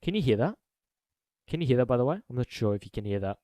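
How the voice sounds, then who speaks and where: Excitable man with a very dry sound. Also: mid-range voice, quick pace, no echo. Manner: excitable, repeats exclamations, bursts of loud laughter. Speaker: football fan YouTuber. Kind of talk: excited reaction vlog.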